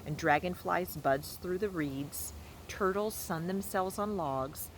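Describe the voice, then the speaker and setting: A woman's voice: on the low side, slow pace, a little hiss or hum, low-quality recording. A woman reading a children's novel aloud outdoors in a backyard fort, recorded on a phone, with casual asides. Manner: casual asides between narration. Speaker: storybook reader.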